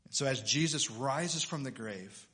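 A middle-aged male pastor delivering a sermon at a middle pitch. He talks with passion, swelling to loud, emphatic peaks. Between them he drops to quieter, reflective asides. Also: unhurried. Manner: reads scripture aloud with dramatic voices.

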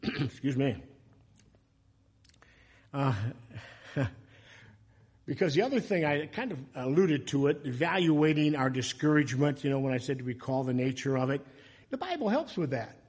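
A man preaching a sermon in a chatty, animated way, breaking into loud, emotional passages. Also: on the high side, moderate pace, pauses often, husky. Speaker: pastor.

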